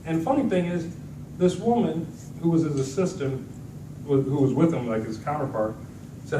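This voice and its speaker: A man's voice: fairly high pitch, normal speed. A middle-aged man giving a storytelling talk to a conference audience, acting out the people in his stories. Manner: animated storytelling with acted-out quotes. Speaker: motivational speaker. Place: large event hall with an audience. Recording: echoey hall, distant mic, noisy.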